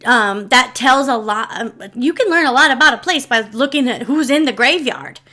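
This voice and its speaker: A woman's voice: high voice, animated, normal speed, sharp tone. A woman telling a personal story in a chatty, rambling vlog, full of asides and fillers and openly emotional. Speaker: storyteller and channel host.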